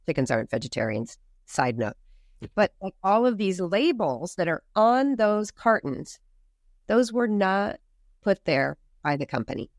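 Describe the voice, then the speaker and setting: A woman from the United States speaking as a podcast guest, animated and emphatic, with many rhetorical questions. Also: mid-range voice, measured pace, dry recording, studio quality. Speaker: farm movement founder, guest. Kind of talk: podcast interview.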